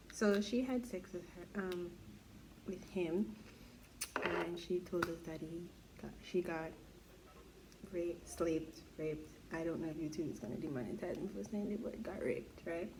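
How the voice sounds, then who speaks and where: A woman's voice: fairly low pitch, background noise. A young woman vlogger telling a gossipy story in casual chat while doing her makeup, with incredulous exclamations.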